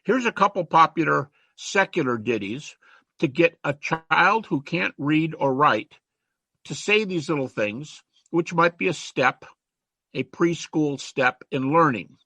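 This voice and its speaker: An older man lectures in a chatty, emphatic way. His voice is bright and slightly husky, pitched a little higher than most men. The recording is dry, with no room sound. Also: expressive, unhurried, no echo. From United States. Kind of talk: informal lecture.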